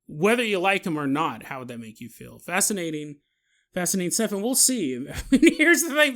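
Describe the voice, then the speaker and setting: Male podcast host, chatty and laughy, high bright voice, casual storytelling. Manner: chatty, laughing, animated asides.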